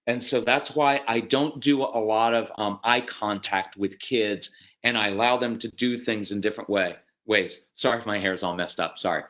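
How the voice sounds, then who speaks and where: A man's voice: on the low side, steady tone, moderate pace, a bit bright, low-quality recording. A man giving parenting advice over a video call, talking conversationally and loosely, sometimes with his eyes closed, and now and then acting out a parent or a child. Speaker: parenting speaker.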